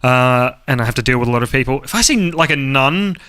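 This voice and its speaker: A man's voice: medium pitch, animated, fast talker, bright, forceful tone, clear, resonant tone. A man with an Australian accent co-hosting a podcast livestream, joking and rambling with lots of fillers. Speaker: podcast co-host. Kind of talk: casual chat on a livestream.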